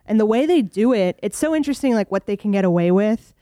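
A woman's voice: medium pitch, fast, no room sound, studio quality. A young woman, a comedian, chatting casually with frequent "like" fillers. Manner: chatty, lots of "like" fillers, animated. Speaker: comedian guest. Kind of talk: casual podcast chat.

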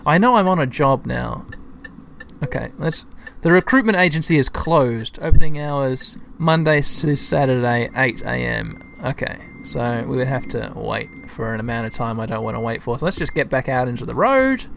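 A man's voice: mid-range voice, expressive, moderate pace, creaky, a bit bright, a little hiss or hum. A man giving casual gameplay commentary as a let's-play host, chatty and thinking aloud as he talks to his listeners.

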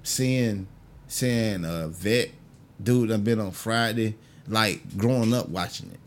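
Animated man telling stories. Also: takes it slowly, slight background noise. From Augusta, Georgia, US. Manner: animated, acts out quoted people with big pitch jumps. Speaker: stand-up comedian guest. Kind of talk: casual storytelling.

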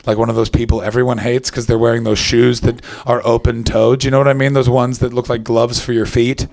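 A man's voice: mid-range voice, level tone, brisk, vocal fry, a little mellow. A young Canadian man with a Canadian accent doing a chatty, sarcastic stand-up set and bantering with the crowd at a comedy club. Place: comedy club before a live audience.

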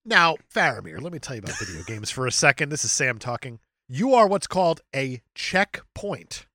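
A man's voice: mid-range voice, big pitch swings, normal speed, pushed and bright, no room sound, clean studio sound. A man co-hosting a podcast, riffing jokes about a film and putting on sassy character voices. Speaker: podcast co-host. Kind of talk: casual movie recap chat.

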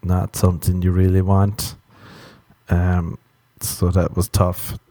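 Deep gravelly man rambling on a podcast. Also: monotone, slow, warm tone, no room sound. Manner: swearing, storytelling, acts out other voices. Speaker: podcast host. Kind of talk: rambling solo podcast monologue. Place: Los Angeles.

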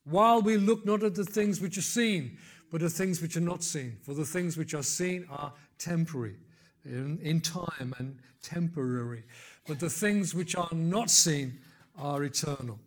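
Older man preaching with rising fervor. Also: normal speed. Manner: builds to loud emphatic peaks, then drops low and soft; conversational asides and gentle humor. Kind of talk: sermon.

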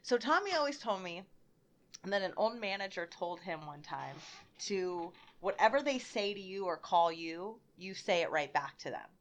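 A young woman telling a story on a casual podcast, laughing often and getting loud when she acts out quotes. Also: lowish voice, expressive, normal speed, a little hiss or hum. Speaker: bartender guest.

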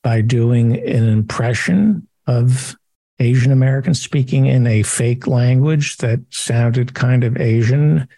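A man interviewing a guest, asking questions in a slow, deliberate way. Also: mid-range voice, warm tone, no room sound.

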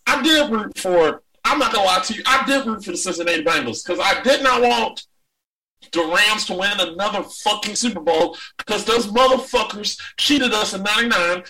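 A man's voice: sits high, normal speed, recorded from a distance, low-quality recording. A man co-hosting a casual sports chat, ranting and swearing with lots of energy. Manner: profane, ranting, animated. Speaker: podcast co-host.

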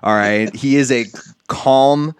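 Man, sarcastic, deadpan, casual podcast chat, ordinary pitch. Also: takes it slowly, smooth, dry recording, clean studio sound. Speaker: podcast co-host. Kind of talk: casual political comedy chat.

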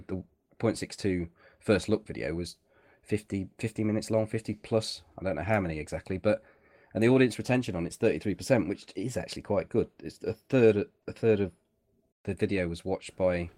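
Chatty man with a lowish voice. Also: a little fast, darkish tone. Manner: chatty, rambling, teasing. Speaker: podcast co-host. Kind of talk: casual chat while gaming.

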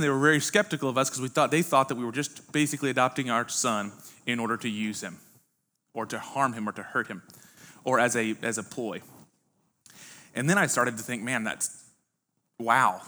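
A man's voice: medium pitch, brisk, pushed and bright. A young adult American man, a pastor, preaching a sermon with casual, storytelling asides. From United States. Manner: conversational storytelling, folksy asides. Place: church sanctuary.

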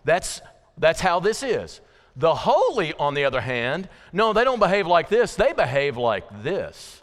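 In a church sanctuary's large hall, a man with a slightly high voice preaches to his congregation, very animated yet unhurried. He sounds urgent and emphatic, repeating phrases and addressing listeners directly.

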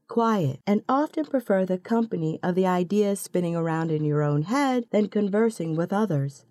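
A woman narrating a second-person story in a slow, calm and intimate manner. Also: fairly low pitch, no room sound, clean studio sound.

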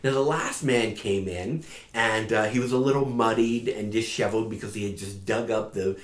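Guy telling a parable sermon style, relaxed with some ums, echoey room. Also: fairly low pitch, normal speed. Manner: casual retelling with fillers.

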